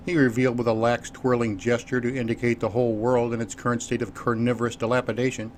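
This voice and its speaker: A man narrating an unabridged audiobook in a steady, even reading voice. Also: medium pitch, fast talker, hardly any pauses, slight background noise.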